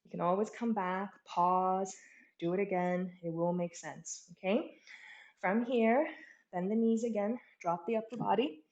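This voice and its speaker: A woman teaching a guided yoga class, giving steady cues and checking in with "okay?" as she goes. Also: mid-range voice, unhurried, highs cut off. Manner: encouraging, frequent "okay?" check-ins. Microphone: earbud mic. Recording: roomy echo.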